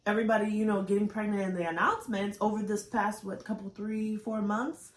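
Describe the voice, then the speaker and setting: A woman talks openly on a podcast, her voice tearful and searching, often restarting her thoughts. Her pitch sits in an ordinary middle range. The sound carries a noticeable roomy echo. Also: fairly even intonation, fairly quick. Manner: open, searching, with frequent fillers and restarts. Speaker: podcast co-host. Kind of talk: candid emotional podcast talk.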